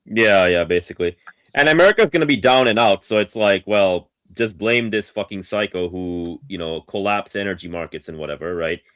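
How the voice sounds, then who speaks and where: A man chatting on a podcast panel, casual and profane, quick to agree before making his own point. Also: sits low, fairly bright tone, clear, resonant tone.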